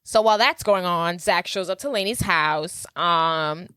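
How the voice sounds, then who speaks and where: A woman's voice: fairly low pitch, unhurried, bright, forceful tone, smooth, dry recording. A woman co-hosting a podcast, casually chatting and laughing while recapping a film. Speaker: podcast co-host.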